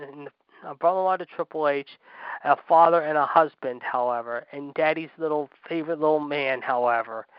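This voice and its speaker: A man's voice: a little high, clean tone, no room sound. A man hosting a wrestling talk show, ranting angrily and sarcastically, peppering his speech with "however". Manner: angry, sarcastic, keeps saying "however". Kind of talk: opinionated ranting commentary. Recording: dull lo-fi dry audio.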